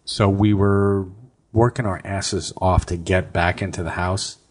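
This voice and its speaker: A man's voice: sits low, steady tone, measured pace. A middle-aged man, a podcast co-host, telling a long personal story in a rambling, casual way with some swearing. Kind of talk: casual chat.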